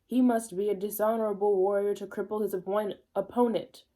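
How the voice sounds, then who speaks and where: A woman reading the lines of a devoted, formal god-warrior man, slow and old-fashioned in manner. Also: medium pitch, steady tone, mellow, lightly acted. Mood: earnest devoted.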